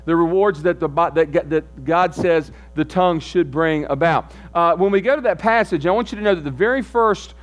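A man's voice: on the high side, fairly quick, few pauses, faint music behind. A man as pastor giving a conversational sermon, often asking the congregation questions. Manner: conversational, asks the audience questions.

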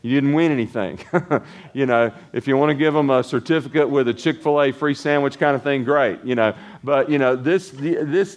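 Middle-aged male pastor, casual sermon delivery, rambling with restarts and frequent asides to the congregation. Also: fairly high pitch. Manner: conversational, rambling with restarts and tag questions.

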